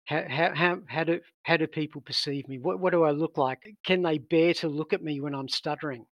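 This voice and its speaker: A middle-aged Australian man speaks in a slightly high voice, stuttering and repeating sounds as he talks. The recording is dry and close, with no room sound. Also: fairly quick, dry recording, muffled recording. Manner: stutters with frequent sound and word repetitions. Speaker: guest. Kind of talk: casual conversation.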